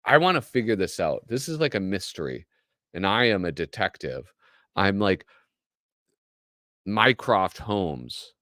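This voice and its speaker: Speaking in a deep, sing-song voice at a moderate pace, a male host chats casually on a live stream. His tone is fairly bright, the studio sound clean with no echo, and his rambling jokes drift off before he finishes the thought.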